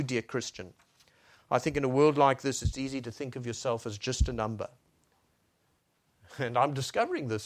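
A man preaching a sermon, swinging between soft hushed lines and loud raised exclamations. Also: medium pitch. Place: Brussels church.

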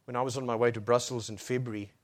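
A man preaching a sermon, swinging between soft hushed lines and loud raised exclamations. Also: mid-range voice, fairly even intonation, rapid-fire. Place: Brussels church.

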